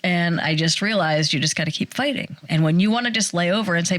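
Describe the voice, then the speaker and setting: A woman in her forties, a podcast co-host telling a personal story in casual chat, animated and acting out the quotes. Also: lowish voice, dry recording. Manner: animated storyteller, acts out quotes, fast bursts.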